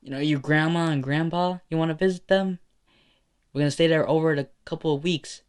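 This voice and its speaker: Casting: loud, coaxing mother, pitched up, played by a man in a fan story. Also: steady tone, a little fast, clean tone, natural voice. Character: loud mother calling her son.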